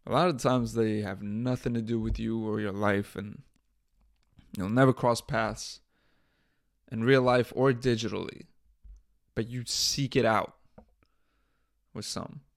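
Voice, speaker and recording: A man's voice: lowish voice, steady tone, unhurried, vocal fry, long pauses. A man hosting his own podcast, talking bluntly and profanely in a casual, exasperated rant. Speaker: podcast host.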